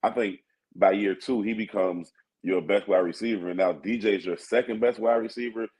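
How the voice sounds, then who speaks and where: Male sports radio co-host, lowish voice, easygoing, filler-heavy delivery. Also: fairly even intonation, fairly quick, a little mellow, low-quality recording. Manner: laid-back, thinks aloud with many fillers. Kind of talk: casual sports talk.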